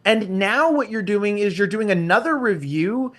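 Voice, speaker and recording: A man's voice: high voice, lively intonation, normal speed, a bit bright. A man, a guest on a podcast, talking indignantly in casual chat. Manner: indignant, ranting.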